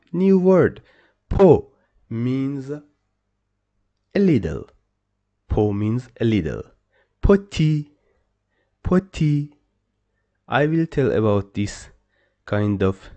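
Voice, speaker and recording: A male language teacher who takes his time, speaking slowly and leaving long gaps between phrases. He gives each word more than once in a patient, explaining way. His voice is dark and mellow. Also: mid-range voice, sing-song, lo-fi sound. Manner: slow, repeats words, patient explaining. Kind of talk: pronunciation lesson.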